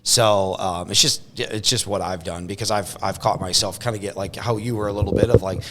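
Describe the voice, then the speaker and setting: A man's voice: fairly low pitch, fairly even intonation, a little fast, heavy background noise. A man hosting a podcast, talking casually and rambling, with lots of restarts and fillers. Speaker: podcast host. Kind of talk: casual conversation.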